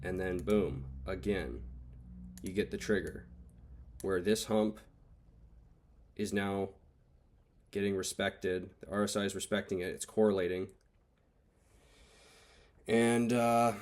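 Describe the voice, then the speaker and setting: Man, very low voice, frustrated trade recap, casual swearing. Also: steady tone, slow, long pauses, darkish tone. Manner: frustrated, swearing, thinking aloud. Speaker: day trader reviewing charts.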